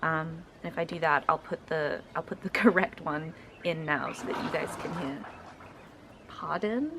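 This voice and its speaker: South african woman, twenties, low creaky voice, explanatory, lots of ums, reaction video. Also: steady tone, normal speed, bright, forceful tone, a little hiss or hum. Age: 20s. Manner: explanatory, hesitant with many ums. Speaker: linguistics student and video host.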